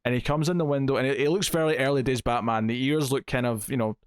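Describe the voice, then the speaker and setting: A male podcast co-host speaks quickly in a smooth, steady mid-range voice as he casually retells a comic's plot. He's chatty, acting out the quotes and dropping many fillers. The recording is dry with clean studio sound.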